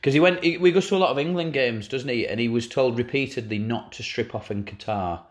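A man's voice: medium pitch, fast. Wry, sweary man telling stories. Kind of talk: casual banter.

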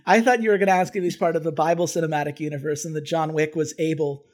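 A man's voice: fairly high pitch, fairly even intonation, fast. A man co-hosting a film podcast, chatting casually and enthusiastically, rambling with restarts. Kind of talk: casual film review chat.

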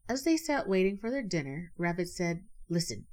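Storybook narrator, woman, a bit low, gentle even read. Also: a little fast.

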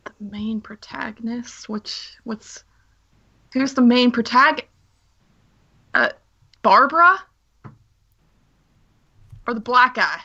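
Hesitant woman, bright higher voice. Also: expressive, slow, pauses often, husky. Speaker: quiz player. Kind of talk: casual game chat. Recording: dull lo-fi sound.

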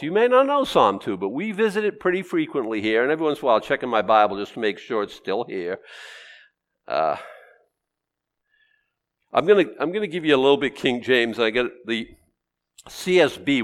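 A pastor preaching a sermon, swinging from loud exclamations to quiet, wry asides. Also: male voice, mid-range voice.

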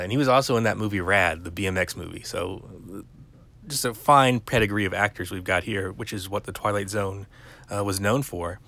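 A man's voice: sits low, gravelly, fairly bright tone. A man hosting a podcast, casually recapping an episode with rambling, wry asides and plenty of fillers. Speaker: podcast host.

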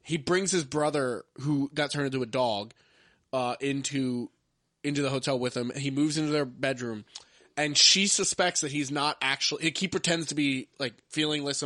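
A man's voice: on the high side, fairly bright tone, dry recording, clean studio sound. A man hosting a podcast, chatting casually about movies he ranks, rambling with lots of filler words. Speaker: podcast host. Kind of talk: casual movie-ranking chat.

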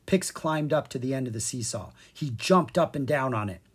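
A narrator reading a children's chapter book aloud, with animated storytelling and a distinct voice for each character. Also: mid-range voice, moderate pace, husky. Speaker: audiobook narrator.

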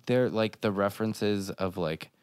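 A man's voice: fairly low pitch, a little slow, smooth, no echo, clean studio sound. A man co-hosting a podcast in casual chat, rambling with many filler words. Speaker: podcast co-host.

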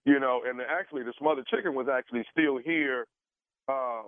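A man's voice: medium pitch, dry recording. Stammering man on a tinny phone line. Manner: halting, stammering with many fillers. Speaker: radio prank caller. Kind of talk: prank phone call posing as a caterer.

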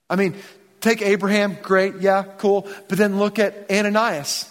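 In an unhurried, flat delivery, a male pastor preaches a sermon with a voice that runs high for a man. He tells the scripture loosely and conversationally, acting out the biblical dialogue in present-day slang. A long sanctuary reverb trails his words.

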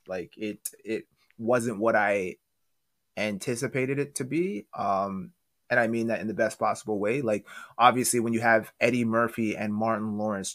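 A man on a casual movie podcast, speaking in a thoughtful, measured way. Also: lowish voice, a bit bright, no room sound, studio quality. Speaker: podcast co-host.

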